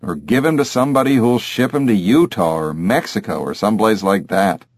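A man's voice: fairly low pitch, expressive, brisk, slightly rough, no room sound, studio quality. A man voicing a plain-spoken, matter-of-fact male pilot.

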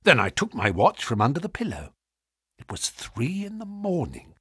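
Guy reading an old story out loud, husky voice, pitch swings all over, super dramatic. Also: moderate pace, no echo, clean studio sound. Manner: highly expressive, dramatic storytelling. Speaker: narrator. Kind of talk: audiobook reading of a classic story.

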